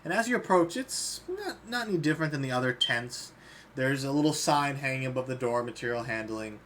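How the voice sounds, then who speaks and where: A man narrating a tabletop game as game master, relaxed and quick to laugh. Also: mid-range voice, slight background noise. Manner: relaxed, often breaks into laughter.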